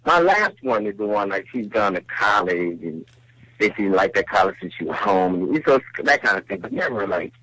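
A man with a bright, forceful voice teases his co-host in casual radio banter. The sound is close and dry, with no room around it. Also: fairly low pitch, animated, brisk, no room sound, rough recording. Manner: dry teasing.

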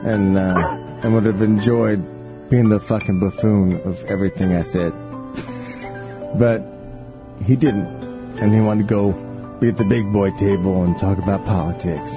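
A man's voice: on the low side, steady tone, unhurried, pauses often, music in the background. A man hosting a radio show, joking and rambling in casual profane banter from the studio. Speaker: radio host.

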